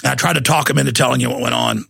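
A man hosting a talk show, delivering a heated, ranting monologue with bursts of shouting. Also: mid-range voice, fairly even intonation, racing, vocal fry, dry recording.

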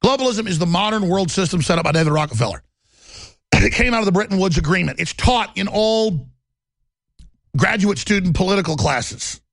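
Man, talk show host, heated rant, gravelly voice, slightly high pitch. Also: animated, fairly quick, no room sound. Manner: intense, heated, rambling. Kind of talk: ranting talk show monologue.

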